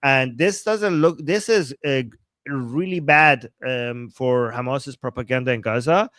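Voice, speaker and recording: A man from Iran, hosting a live-streamed political commentary, reading chat aloud with a sarcastic, animated manner and frequent laughs. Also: medium pitch, measured pace, no room sound. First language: Persian. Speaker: political commentator and livestream host.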